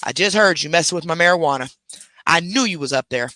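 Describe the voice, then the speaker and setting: Man, livestream host, casual chat, animated storyteller, bright forceful voice, fairly high pitch. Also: fast, no echo. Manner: animated storytelling, scolds his dogs mid-stream. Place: home bedroom.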